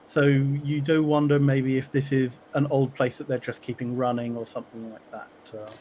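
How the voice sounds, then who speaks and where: A man narrating as game master for a tabletop game, halting and full of fillers. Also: mid-range voice, little pitch movement, a little mellow, lo-fi sound, a little hiss or hum.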